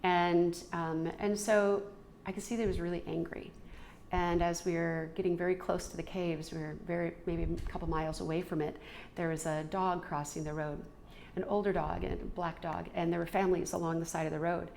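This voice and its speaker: A middle-aged woman telling an earnest, reflective personal story, halting now and then with restarts. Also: lowish voice, level tone, gravelly, a little mellow, slight background noise. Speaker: storyteller sharing a personal experience.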